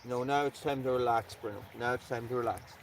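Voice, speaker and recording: A man runs a laid-back campfire live stream outdoors, speaking a little fast and wandering from topic to topic for his viewers. He talks to his dog in a high, excited voice, with slight background noise in the clip.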